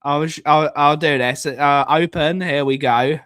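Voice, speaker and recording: A man's voice: on the high side, steady tone, unhurried, a bit bright, clean tone. A man hosting a casual live stream, rambling and joking and repeating himself as he clicks through things on screen. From United Kingdom.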